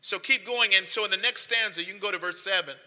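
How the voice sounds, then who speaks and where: Pastor, male, piercingly bright tone, conversational sermon building to emphatic repeats, reverberant sanctuary. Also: sits high, quick pace. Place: church sanctuary. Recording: long hall reverb.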